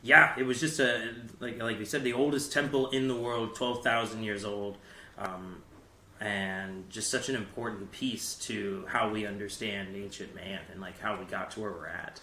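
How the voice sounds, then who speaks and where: A man's voice: fairly low pitch, fairly even intonation, moderate pace, bright, forceful tone, reverberant, slight background noise. A man co-hosting a podcast, explaining things casually and loosely with lots of fillers. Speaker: podcast co-host.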